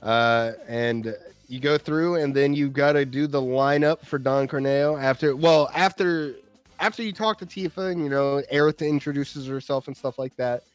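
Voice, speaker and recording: A man's voice: medium pitch, normal speed, clean tone, faint music behind. A man co-hosting a casual gaming podcast, retelling scenes with lots of laughter and swearing. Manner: animated storyteller, laughs often, swears freely. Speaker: podcast co-host.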